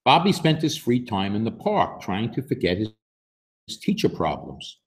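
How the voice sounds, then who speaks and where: A man reading a picture book aloud to children, expressive and pausing to ask questions. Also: on the low side, a little hiss or hum. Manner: expressive, slow and animated, asks the listener questions. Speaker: storyteller.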